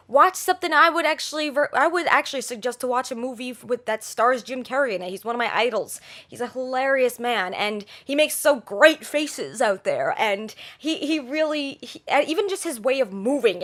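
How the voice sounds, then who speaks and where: A young woman talks straight to her viewers in a lively, joking way. Her voice sits high, and she gestures as she talks. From New Jersey, USA. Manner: animated, talks with her hands, jokey. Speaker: channel host. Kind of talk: casual advice vlog.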